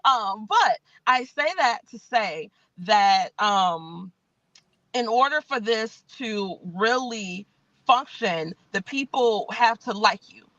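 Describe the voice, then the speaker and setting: Woman, podcast guest, animated, folksy, dry close sound. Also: mid-range voice, takes it slowly, no echo, dull audio. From Chicago, US. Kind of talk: conversational interview. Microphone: podcast mic.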